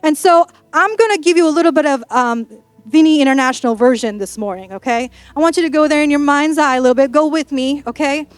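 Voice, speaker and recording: A woman pastor delivering a sermon in a playful, sassy storytelling manner. Her voice sits high and carries emphasis. The sound is dry and close, with faint music underneath. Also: fast talker, dry recording.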